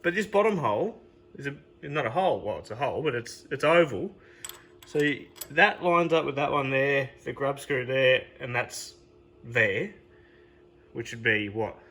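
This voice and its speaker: A man's voice: mid-range voice, bright, forceful tone, slight background noise. A young Australian man casually talking through his car build in his garage, rambling and joking with the odd swear word. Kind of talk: casual workshop walkthrough.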